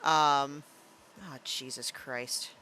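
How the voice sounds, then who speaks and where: A young woman streaming a game, chatting playfully and thinking out loud with plenty of fillers. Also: a bass voice, fairly even intonation, drawn-out words, slight background noise. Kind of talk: casual live-stream game commentary.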